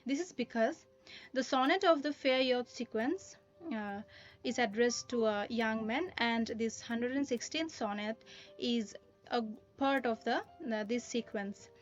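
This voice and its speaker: Woman, higher voice, literature lesson, careful explanatory delivery, muffled recording, soft background music. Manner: careful explanatory lecturing with frequent "uh" pauses. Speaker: literature teacher.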